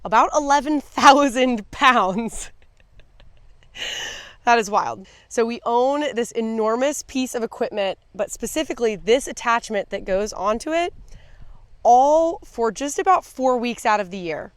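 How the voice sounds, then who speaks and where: Recorded outside on a farm amid clear vehicle and machinery noise, a farmer and vlogger from the USA explains her harvest gear with cheerful amusement. She speaks a bit slowly in a slightly high, animated voice, with no room sound, in a relaxed vlog style.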